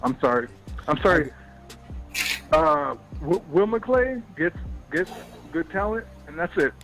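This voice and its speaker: A high-pitched man calls in and rants, yelling and swearing, tripping over his words as he circles back to the same point again and again. Faint music plays underneath. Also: big pitch swings, a little slow, rough recording. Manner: yelling, profane, repeats himself. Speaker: caller. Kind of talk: angry call-in rant.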